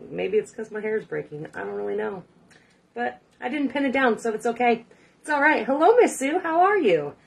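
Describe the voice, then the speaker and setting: A woman's voice: medium pitch, distant mic. Casual woman cooking-vlog host, chatty and self-mocking, recorded a bit off-mic. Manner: rambling, self-deprecating, swears casually.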